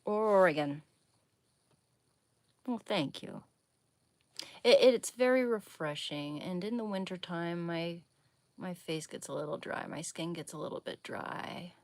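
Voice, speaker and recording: A young woman chatting casually on a livestream while doing a face mask, wry and low-key. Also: measured pace, long pauses, no echo.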